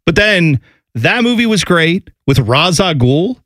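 A middle-aged man co-hosting a casual chat, rambling and animated as he tells stories. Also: on the high side, measured pace, no room sound, studio quality. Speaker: podcast co-host.

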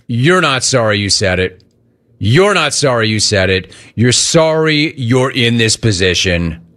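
A man's voice: medium pitch, sing-song, measured pace, fairly bright tone. A man hosting sports talk radio, ranting in a sarcastic, mocking way.

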